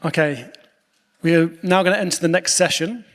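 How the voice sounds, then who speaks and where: A man's voice: on the high side, moderate pace. A man chairing a conference session, giving brief, informal introductions. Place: lecture hall. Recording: long hall reverb.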